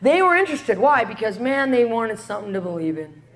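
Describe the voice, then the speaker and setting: A woman giving a lively spoken testimony to an audience, acting out the people in her story and laughing often. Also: on the high side, a little fast. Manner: animated storyteller, acts out quotes, laughs often. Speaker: ministry speaker sharing testimony.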